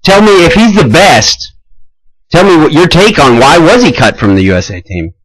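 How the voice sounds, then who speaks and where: A man's voice: fairly high pitch, big pitch swings, moderate pace, fairly bright tone, no echo, low-quality recording. A man co-hosting a sports radio show with teasing, wry banter. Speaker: radio co-host.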